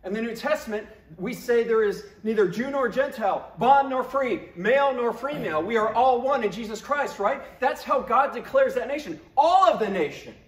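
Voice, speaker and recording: A male pastor preaching a sermon, emphatic and acting out scripture quotes in different voices. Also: very high-pitched. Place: church sanctuary. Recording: echoey church room.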